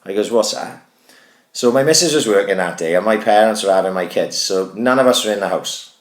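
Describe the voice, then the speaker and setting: A low-voiced man in his thirties tells a rambling, foul-mouthed story to his podcast co-host. He talks in a lively, conversational way, full of "right?" and swearing. The sound is roomy and echoey. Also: fairly quick. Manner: sweary, animated anecdote-telling. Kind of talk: casual chat, storytelling.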